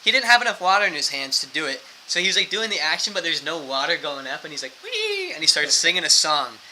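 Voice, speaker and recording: Bright-voiced young man telling a story. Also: on the high side, fast, a little hiss or hum, rough recording. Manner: animated, fillers like "like" throughout, acts out quotes. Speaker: missionary. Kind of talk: casual storytelling.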